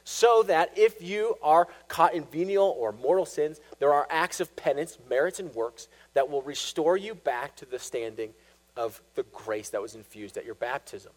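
A man preaching a sermon, animated, acting out quoted voices as he teaches. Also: on the high side, moderate pace, low-quality recording.

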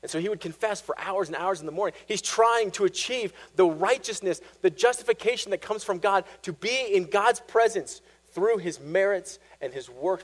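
A man preaching a sermon, animated, acting out quoted voices as he teaches. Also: on the high side, poor audio.

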